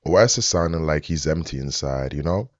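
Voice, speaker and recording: A low-pitched man talks through his reaction to a clip in a slow, preachy, measured way. The sound is dry and close, with a slightly dull, muffled tone. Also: dry recording. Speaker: commentary host reacting to a clip. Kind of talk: casual reaction commentary.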